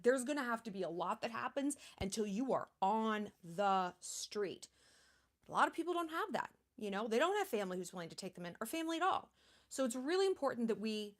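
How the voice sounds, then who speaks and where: Hosting a charity livestream, a woman in her thirties talks casually, chatty and blunt, with plenty of fillers. She has a medium-pitched, slightly bright voice.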